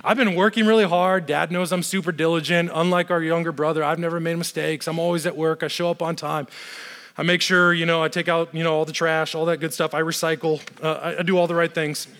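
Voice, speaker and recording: Preacher voicing a smug, resentful older brother. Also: male voice, on the high side, little pitch movement, fairly quick, fairly bright tone. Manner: smug, complaining. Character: resentful self-righteous older brother, young man. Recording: long hall reverb.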